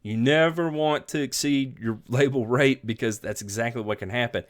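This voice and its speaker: A man's voice: medium pitch, normal speed. A man hosting a live lawn care show, upbeat and folksy, greeting viewers by name and chatting casually. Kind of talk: live-stream chat with viewers.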